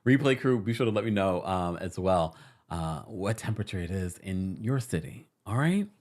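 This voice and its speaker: Man, live-stream host, casual chat, lively swooping pitch, fairly low voice, reads comments, laughs a lot. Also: moderate pace. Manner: chatty, reads viewer comments aloud, laughs often. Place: New York City.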